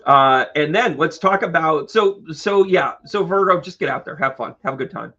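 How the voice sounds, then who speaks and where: A man's voice: fairly high pitch, expressive, normal speed, pushed and bright, muffled recording. A man hosting an astrology live stream, chatty and joking, talking to his viewers by name. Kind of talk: casual live stream chat.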